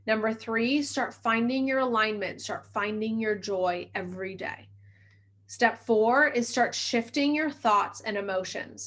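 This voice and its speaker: A mindset coach hosts a self-help podcast, talking quickly in an upbeat, encouraging way as she walks listeners through steps. Her voice is mid-range and a bit bright.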